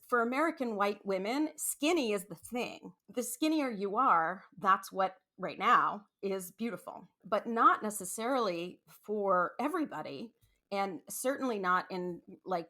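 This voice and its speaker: A woman hosting her own podcast in an easy, unscripted monologue. She rambles and circles back, restarting sentences and tossing in asides, with lively bursts of emphasis. Her voice sits at a middling pitch. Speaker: podcast host. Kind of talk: casual solo podcast monologue.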